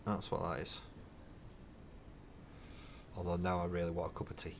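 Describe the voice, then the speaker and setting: A man's voice: deep voice, completely flat delivery, moderate pace, creaky, noisy background. A middle-aged man chatting casually on a painting livestream, emphatic and opinionated, swearing as he rants. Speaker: hobby livestream host. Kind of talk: casual chat while painting.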